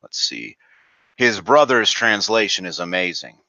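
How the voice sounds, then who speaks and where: Crude ranting man, low bright voice. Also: sing-song, unhurried, no room sound. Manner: crude ranting, rambling with fillers and restarts. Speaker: video commentator. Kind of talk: reaction commentary vlog. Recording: dull lo-fi dry recording.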